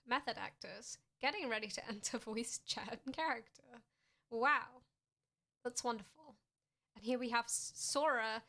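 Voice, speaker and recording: A young woman streaming casually, joking in a deadpan way and often laughing as she talks. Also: fairly high pitch. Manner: playful, deadpan jokes with frequent laughs. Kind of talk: casual stream chat showing fan art.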